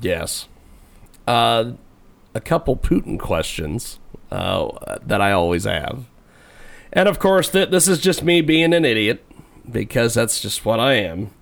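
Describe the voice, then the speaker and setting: A man's voice: mid-range voice, big pitch swings, measured pace, creaky, a bit bright. A male radio show host interviewing a guest in a casual, rambling way, laughing often and poking fun at himself.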